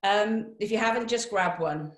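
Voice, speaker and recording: Woman running a motivational webinar, lively and direct, tosses questions at you, echoey room. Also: medium pitch, moderate pace. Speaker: webinar speaker.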